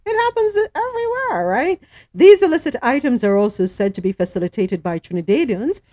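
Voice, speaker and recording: A woman's voice: mid-range voice, big pitch swings, fairly quick, mellow, no echo. A woman hosting a news podcast, reading stories aloud and adding her own chatty comments and questions. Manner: chatty, asks co-hosts questions, stumbles over names.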